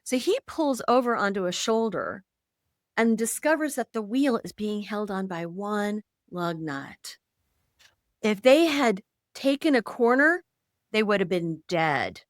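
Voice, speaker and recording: A woman guest on a podcast, telling stories in an animated way and slipping into quoted voices. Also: medium pitch, a little slow, no echo, clean studio sound. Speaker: podcast guest, intuitive and author. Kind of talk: conversational storytelling.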